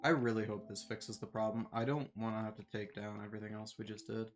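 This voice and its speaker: Rambling streamer, self-mocking. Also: male voice, lowish voice, little pitch movement, fast, soft background music. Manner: rambling, self-deprecating, laughs often. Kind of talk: casual chat while gaming.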